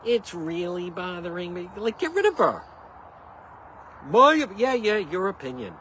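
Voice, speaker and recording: A man's voice: high-pitched, sing-song, moderate pace, fairly bright tone, slight background noise. A man hosting a casual livestream, rambling and joking with an indignant edge. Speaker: livestream host.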